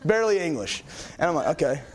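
High-voiced young man preaching with rambling energy. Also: brisk. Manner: rambling, excitable storytelling with many fillers. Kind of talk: sermon.

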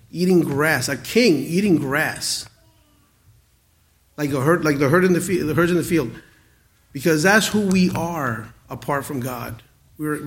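Man, forties, pastor preaching, earnest, stammering restarts, fairly high voice, loud-to-quiet swings. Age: 40s. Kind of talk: sermon.

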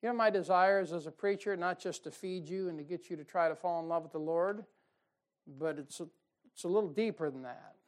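A man preaching a folksy, emphatic sermon, with sudden loud bursts and mocking quotes. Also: high voice, a little fast. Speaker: pastor. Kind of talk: fiery sermon.

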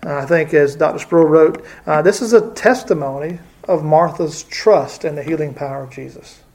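A man's voice: on the high side, moderate pace, a little mellow. A man teaching a casual Bible study, talking hesitantly with many fillers and restarts.

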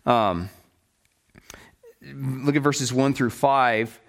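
A man's voice: mid-range voice, extremely slow. Conversational man teaching a Bible study. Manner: conversational, checks in with "right?" and "okay?"; explains in plain paraphrase with restarts.

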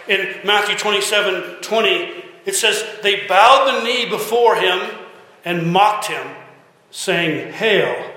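Man, preacher, fairly high voice, sermon delivery, repeated questions, very echoey room, long reverb. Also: takes it slowly, bright, forceful tone. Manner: repeated rhetorical questions to listeners. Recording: heavy echo, long hall reverb.

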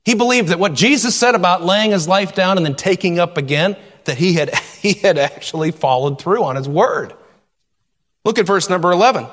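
A male pastor delivering a sermon, reading scripture and explaining it in an expressive, conversational teaching manner. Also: high-pitched, brisk, in a large hall.

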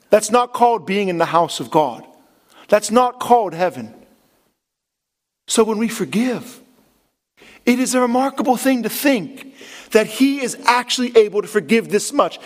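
A man preaching a sermon in an earnest, impassioned way, with dramatic pauses. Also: sits high, lively intonation. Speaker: pastor.

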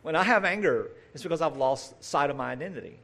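A man delivers a sermon in a casual, direct way, full of asides and questions to the listeners. His voice sits a little high and swings widely up and down as he talks. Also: expressive, fast, creaky, sharp tone. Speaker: preacher. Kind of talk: conversational sermon.

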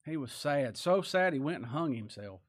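A man preaching a sermon, reading scripture and speaking plainly, swinging between loud emphatic lines and quiet low asides. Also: expressive, normal speed. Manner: folksy plain-spoken grammar, reads scripture aloud.

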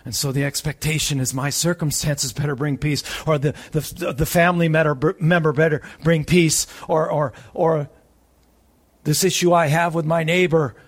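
A man delivers a sermon in a slightly husky voice that sits a little above the usual pitch for a man. His delivery swings between loud, urgent peaks and soft, hushed stretches. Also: flat delivery, moderate pace. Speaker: preacher.

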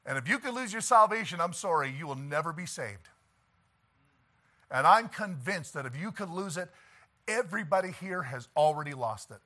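A man preaching a sermon, swinging from quiet pleading to shouted declarations and chuckling between points. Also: a little high, expressive, moderate pace. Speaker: pastor.

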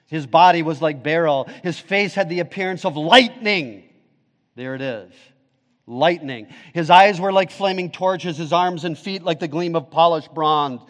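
Guy preaching a sermon, kinda high voice, goes from booming to super hushed, big echoey church. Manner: dramatic swings from booming to hushed. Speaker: pastor. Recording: long reverb of a large hall.

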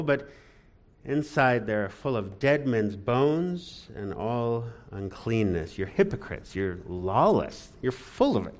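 Guy preaching, really animated pitch, gets loud then drops way down, kinda sarcastic at times. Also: takes it slowly. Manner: dramatic, emphatic preaching with sudden rises and drops. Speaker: pastor. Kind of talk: sermon.

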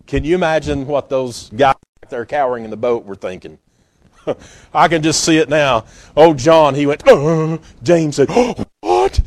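A male pastor preaching a sermon, telling the story with animated, acted-out scenes and frequent laughs. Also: mid-range voice, normal speed, no echo.

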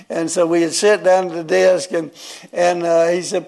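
A man's voice: sits high, level tone, normal speed, gravelly, darkish tone. Chuckling folksy preacher in his seventies. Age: 70s. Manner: folksy, rambling, chuckling often. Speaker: guest preacher. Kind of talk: sermon storytelling.

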